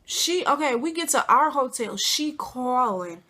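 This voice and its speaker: A young woman vlogger telling a casual storytime, animated and slangy, acting out quotes with big jumps in pitch. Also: unhurried. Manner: informal slangy speech.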